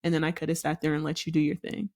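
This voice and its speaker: A young adult woman co-hosting a casual chat about marriage, telling a story and acting out the quotes with lively emphasis. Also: low-pitched, racing. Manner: animated storytelling, acts out quotes. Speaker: podcast co-host.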